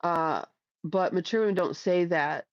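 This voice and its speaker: A woman's voice: lowish voice, a little slow, no echo. Middle-aged woman hosting a stream, crude and chatty, slightly lo-fi mic. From Ohio, USA. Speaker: livestream host reading chat. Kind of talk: casual livestream chat.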